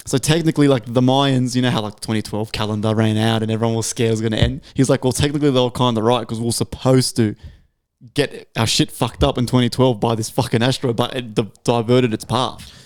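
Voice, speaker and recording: A man co-hosting a podcast, chatting casually and retelling stories in a sweary, animated way. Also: medium pitch, fast. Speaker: podcast co-host.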